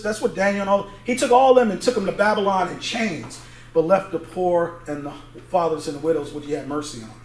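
In an echoey church sanctuary with faint background noise, a male pastor with a voice on the high side talks briskly. His Bible study sermon is conversational, and he has the congregation fill in words as he reads scripture aloud.

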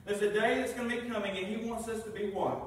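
High-voiced preacher in a very echoey church. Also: male voice, steady tone, fast. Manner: reads scripture aloud and asks the congregation questions. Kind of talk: sermon. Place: church sanctuary. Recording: very echoey room, mic far off.

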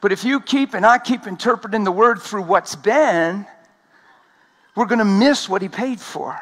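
A man preaching an energetic sermon at a conference, talking fast and laughing along the way. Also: high voice.

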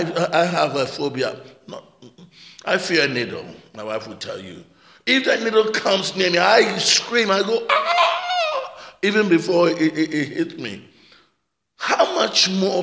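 A man's voice: high-pitched, gravelly, bright, forceful tone. Passionate preacher man in an echoey church. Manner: passionate, repeats words, calls out amen and hallelujah. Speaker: pastor. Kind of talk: sermon. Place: church hall. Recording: echoey church hall with long reverb.

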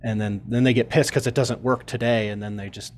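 A man's voice: medium pitch, fairly even intonation, a little fast, a little hiss or hum. A man hosting a casual interview, earnest and rambling, leaning on "you know" as he builds his point. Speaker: podcast host.

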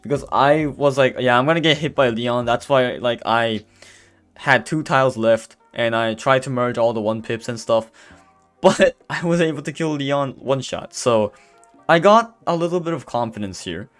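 Casual male gameplay narrator, mid-pitched, stumbling and filler-heavy, faint music underneath. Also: expressive, normal speed. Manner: rambling, full of fillers and restarts; says he is stuttering and can barely speak. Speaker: gameplay commentator. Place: voice-over recorded apart from the footage. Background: faint background music.

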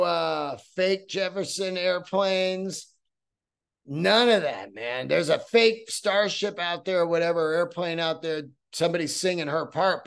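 Profane rambling podcast host, fairly high voice. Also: male voice, clear, resonant tone. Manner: profane, rambling, animated storytelling. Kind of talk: solo podcast monologue.

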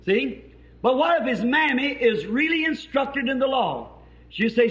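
A Southern American man preaches with fervent emphasis, his voice sitting high. The recording is old tape, dull and lo-fi. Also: sing-song, a little fast. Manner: fervent, rising to shouts, then soft prayer. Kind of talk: sermon.

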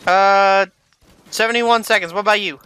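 A player in a co-op video game, chatting casually and calmly giving directions to a teammate. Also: medium pitch, moderate pace, clear, resonant tone. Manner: steady, explains and directs.

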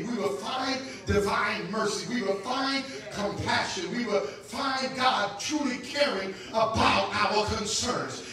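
A man preaching a sermon as guest pastor, calling out to the congregation and building to shouted climaxes. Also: high-pitched. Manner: repeats phrases for emphasis. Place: church sanctuary. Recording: very echoey church hall, voice from far off, music behind.

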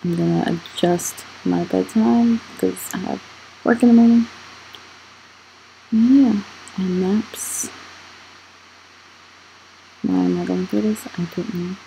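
Young adult woman, channel host; dark, relaxed tone, rambling unhurried walkthrough delivery. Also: medium pitch, gravelly, faint music behind, poor audio. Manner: rambling, questions her own scrolling. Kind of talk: casual screen walkthrough vlog.

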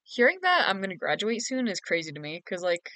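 A woman's voice: mid-range voice, big pitch swings, brisk, pushed and bright, dry recording. A young woman chatting casually on a late-night game stream, giggly, teasing and sleepy. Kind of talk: casual live-stream chat.

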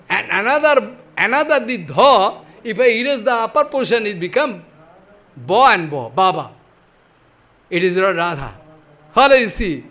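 High, bright-voiced man preaching. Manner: emphatic, questioning, repeats points with "follow?". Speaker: spiritual teacher. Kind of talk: devotional sermon.

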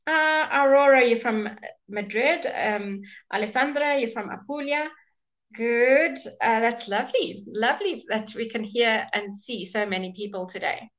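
A woman's voice: a little high, fairly bright tone, highs cut off. Woman teaching pronunciation in a live class. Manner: models words slowly and repeats them; chatty, greets viewers by name. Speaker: English teacher.

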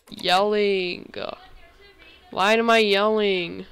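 A young male gamer giving rambling, excitable commentary while playing, often breaking into sudden outbursts. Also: sits high, a little slow, long pauses. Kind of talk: game commentary. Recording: faint music behind.

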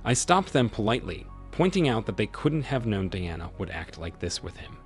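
A man narrating a dramatic first-person story in an expressive storytelling manner. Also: lowish voice, normal speed. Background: faint music.

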